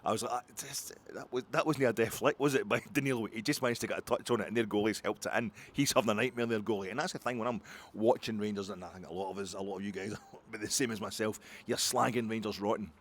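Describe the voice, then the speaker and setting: A middle-aged Scottish man hosting a fan's post-match reaction, rambling excitably between muttered asides and loud outbursts. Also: lowish voice, fast. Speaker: football podcast host.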